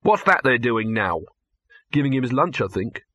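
A man's voice: medium pitch, sing-song, moderate pace, bright, forceful tone. A man voicing an earnest, easily shocked young man who sounds flustered.

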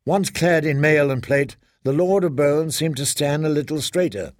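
A man narrating a fantasy audiobook in a steady, measured way. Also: mid-range voice, dry recording, studio quality.

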